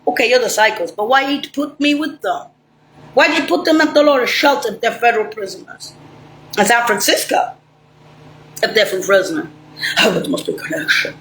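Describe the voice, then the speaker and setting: A woman's voice: on the high side, expressive, brisk, fairly bright tone, a little hiss or hum. Woman ranting in an echoey room. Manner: ranting, swearing, rambling. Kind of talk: angry profane monologue. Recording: roomy echo, faint ambience.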